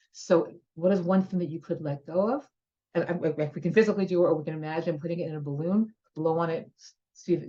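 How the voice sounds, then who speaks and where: A woman's voice: deep voice, dark tone, dull audio. A woman educational consultant eagerly explaining her methods on a video-call panel.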